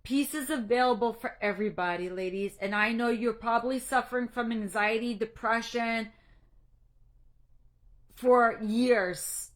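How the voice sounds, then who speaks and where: A woman coach talks slowly and earnestly about faith and finding peace, her voice a little high. She is emotional and close to tears, and she often stumbles and restarts her sentences. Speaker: anxiety coach. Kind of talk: faith-based encouragement talk.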